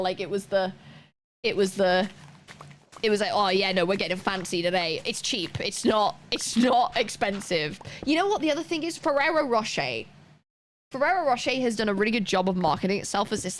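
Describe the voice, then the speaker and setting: A woman from Wales with a neutral British accent, chatting casually and rambling while streaming a game. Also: mid-range voice. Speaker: live streamer. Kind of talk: casual chat while gaming.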